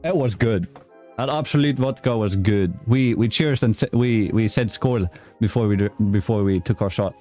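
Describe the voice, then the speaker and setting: Mellow-voiced man hosting a casual chat. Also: lowish voice, normal speed, faint music behind. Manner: stumbling, self-correcting, laughing at himself. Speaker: show host.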